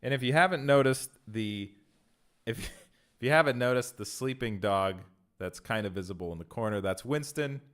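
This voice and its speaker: A man's voice: mid-range voice, moderate pace, a bit bright. A man streaming from home in a casual chat, reading out viewer messages and answering them with easy laughs. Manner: chatty, reads chat aloud and answers viewers; laughs easily between phrases. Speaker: streamer and content creator.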